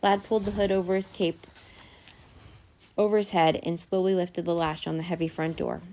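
Woman reading a children's chapter book, low and gravelly, steady bedtime pacing. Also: moderate pace. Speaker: children's story reader. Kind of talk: bedtime story narration.

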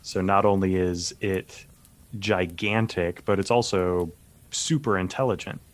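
A man's voice: low-pitched, fairly even intonation, a little slow. A man co-hosting a podcast, chatting casually and easily with some nerdy enthusiasm. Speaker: podcast co-host. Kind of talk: casual chat.

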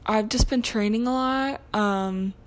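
A woman's voice: on the high side, unhurried. A young woman in college hosting her own podcast alone, chatting casually and rambling with lots of ums and self-corrections. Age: young adult. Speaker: podcast host. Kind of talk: casual solo podcast chat.

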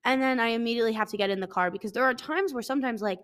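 Young woman podcaster rambling on, kinda high voice, swears casually, jokes at her own expense. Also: racing, a bit bright. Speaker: podcast host. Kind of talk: casual solo podcast chat. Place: living in a hot city.

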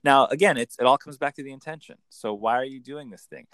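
A man, a coach explaining in an enthusiastic conversational interview with quick acted examples. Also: medium pitch, fairly bright tone, no echo. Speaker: accent coach.

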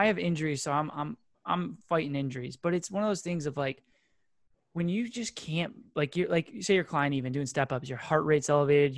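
A man's voice: fairly high pitch, no echo, studio quality. A man who is into strength training and obstacle races, talking casually and earnestly in a rambling way. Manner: earnest, rambling, many "like" fillers. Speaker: fitness coach and podcast co-host. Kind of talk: casual podcast chat.

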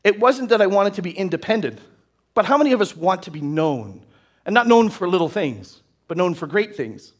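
A pastor preaching to his church in a high-pitched voice. He keeps the sermon casual and conversational, checking in with the room with "right?" as he goes. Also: big pitch swings, normal speed. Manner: conversational, often asks "right?". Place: church hall.

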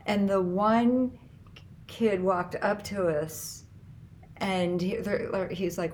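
A middle-aged woman with a low voice tells family stories in a loose, meandering way and livens up when she imitates others. There is a faint steady background ambience under her speech. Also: drawn-out words, a little hiss or hum. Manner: meandering storyteller, animated when quoting people. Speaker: mother of the other speaker. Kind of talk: casual family chat.

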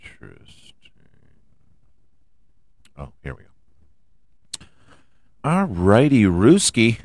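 A man hosting a casual solo sports podcast, rambling and profane, with a scratchy throat he keeps clearing. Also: fairly low pitch, wildly swooping pitch, very slow, a little mellow, dry recording, studio quality. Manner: rambling, profane, self-mocking asides. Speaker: podcast host.

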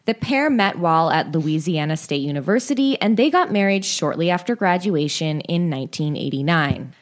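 A woman's voice: deep voice, expressive, normal speed. A young woman hosting a podcast, telling a true story in a casual, chatty way, full of "like" and restarts, sounding tired. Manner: chatty, many likes and restarts. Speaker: podcast host.

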